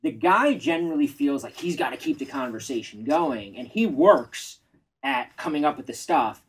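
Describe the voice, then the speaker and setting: Husky-voiced male dating coach. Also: medium pitch, animated, moderate pace, poor audio. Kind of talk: casual coaching conversation.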